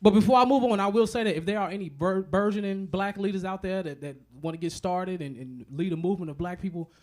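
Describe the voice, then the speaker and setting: A man performs a profane, animated stand-up comedy set, acting out other people's voices. He speaks high-pitched and at a quick pace.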